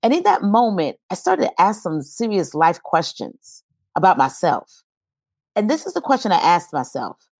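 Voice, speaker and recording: A woman's voice: lowish voice, very animated, normal speed, a little mellow, dry recording, clean studio sound. A woman guest telling a personal story in earnest, testimony style, in an interview.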